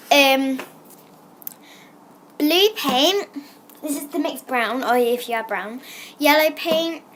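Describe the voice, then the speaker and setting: A high-pitched woman with a fairly bright tone narrates a casual craft how-to, with slight background noise behind her. She moves step by step but stumbles along, hesitating, restarting, and leaning on fillers.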